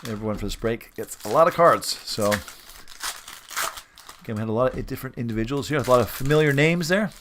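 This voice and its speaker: Middle-aged man, mid-pitched voice, rambling card-break host who reads off pulls and chats between them. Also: background noise. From Western Canada. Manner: chatty, rambling, reads out cards with quick upbeat reactions. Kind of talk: casual live card-break commentary.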